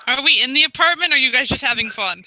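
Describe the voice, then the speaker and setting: A woman's voice: sits high, very fast, bright, forceful tone, no room sound, low-quality recording. A woman player in a tabletop role-playing game, chatting casually and earnestly.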